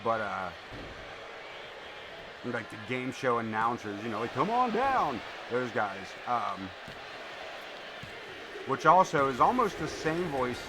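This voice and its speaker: A man streaming live, calling wrestling play-by-play and chatting casually in an excitable, rambling way, swearing now and then. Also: medium pitch, slow pace, long pauses, background noise. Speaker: streamer commentating a wrestling game. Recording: music playing behind.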